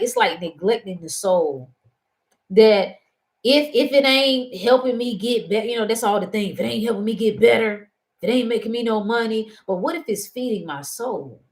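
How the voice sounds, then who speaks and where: A woman hosting a casual talk show, animated and prone to laughing and wandering into stories. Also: mid-range voice. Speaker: host. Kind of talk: casual chat.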